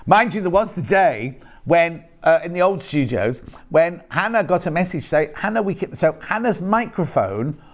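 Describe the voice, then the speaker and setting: A man hosting live TV shopping from a studio, with a fairly high voice for a man. He keeps up a chatty, teasing patter and reads prices and stock codes clearly. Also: big pitch swings, normal speed. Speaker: shopping channel presenter. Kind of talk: live TV sales chat. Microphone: earpiece and studio mic.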